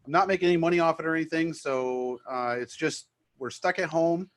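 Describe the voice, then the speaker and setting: Male DJ, New England accent, eager rambling talker, casual chat. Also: a little high. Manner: excited, fast and rambling. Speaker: DJ promoting his live mix show.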